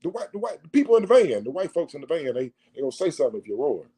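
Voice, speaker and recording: A man preaching to the camera in an animated monologue, firing off rhetorical questions. His voice is lively, swinging high and low, and sits a little above the usual male pitch. He repeats phrases for emphasis. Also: rapid-fire, husky. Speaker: vlogger.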